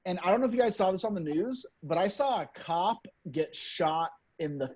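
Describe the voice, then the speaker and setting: A young man performing a stand-up comedy set, loud and chuckling at his own jokes. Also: high voice, expressive, normal speed. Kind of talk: stand-up routine.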